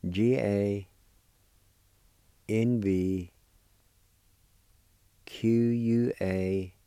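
A man's voice: fairly low pitch, fairly even intonation, very slow, warm tone, clear, resonant tone, dry recording. A man teaching a language lesson, patiently spelling and sounding out words syllable by syllable and encouraging his listeners.

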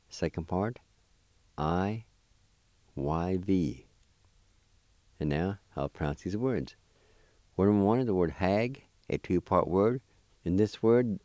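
A man hosts a vocabulary lesson, spelling and repeating each word slowly for learners. His voice is deep, dark and mellow. It sounds dry and close. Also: no echo. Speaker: language teacher. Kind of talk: slow spelled-out language lesson.

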